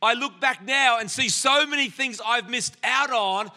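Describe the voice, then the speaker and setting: An Australian man in his sixties delivers a sermon, weaving personal stories and jokes aimed at the people in front of him. His voice sits high for a man. It has a sharp, very bright edge. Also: unhurried. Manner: storytelling with humor, addressing the congregation.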